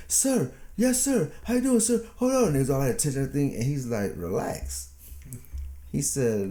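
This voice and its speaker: Man in his 50s, low mellow voice, easygoing storyteller who chuckles a lot. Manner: laid-back, chuckling, drawn-out storyteller. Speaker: podcast co-host and father. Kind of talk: casual storytelling chat.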